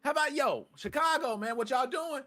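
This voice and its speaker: A man hosting a live gaming podcast, talking casually to his chat with excitable bursts and rants and plenty of swearing. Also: extremely high pitch, a little fast. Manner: talks to live chat viewers. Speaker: podcast host.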